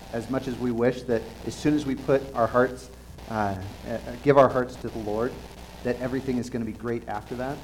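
Brief: male preacher, mid-range voice, earnest and halting delivery, faint noise behind. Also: mid-range voice, a little mellow, rough recording. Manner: earnest, halting, with frequent restarts and fillers. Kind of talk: conversational sermon.

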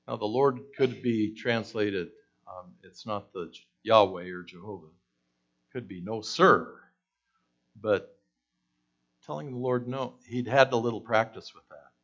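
A man with a lowish voice gives a conversational sermon, asking the listeners questions and acting out voices from the story. The recording has its highs cut off.

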